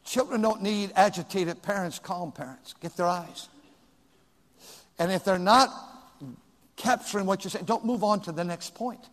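Older male pastor, high-pitched, dynamic sermon delivery, big reverberant church sound. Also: normal speed, long pauses. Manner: swings from shouting to near-quiet asides. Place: church sanctuary. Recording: long reverb in a large room.

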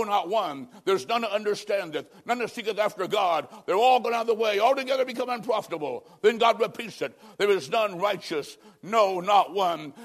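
A male preacher delivering an evangelistic sermon, swinging between loud emphatic lines and hushed, near-whispered endings. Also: high-pitched.

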